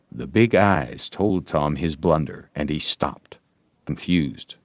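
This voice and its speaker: A man narrating an audiobook in an animated storytelling manner. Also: very deep voice, takes it slowly, no room sound.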